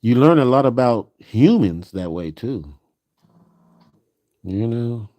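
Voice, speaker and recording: A man's voice: mid-range voice, animated, slow, dark tone, no room sound. A man chatting casually on his live stream, rambling and musing aloud with frequent "you know"s.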